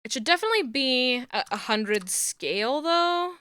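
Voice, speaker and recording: A woman's voice: high-pitched, expressive, normal speed, sharp tone, clean tone, no echo, clean studio sound. A woman streamer chatting casually and thinking aloud while she works. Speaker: streamer rigging a model. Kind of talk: casual livestream chat while working.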